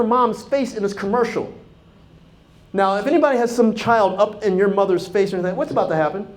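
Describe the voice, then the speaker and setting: High-voiced energetic man on stage. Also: a little fast. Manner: energetic, animated, acts out quoted dialogue, talks directly to the crowd. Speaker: conference speaker. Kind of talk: live motivational talk to an audience. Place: conference hall.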